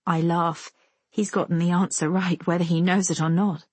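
A woman reading a first-person story aloud with measured, intimate storytelling. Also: fairly low pitch, level tone, darkish tone, no echo. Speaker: audiobook narrator. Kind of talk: first-person audiobook narration.

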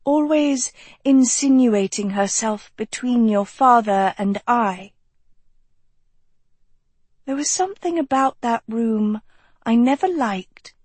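An audiobook narrator voicing a proud queen mother who speaks with cold disapproval, in a higher voice. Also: animated, slow pace, pauses often, darkish tone, husky, no echo. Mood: disdainful.

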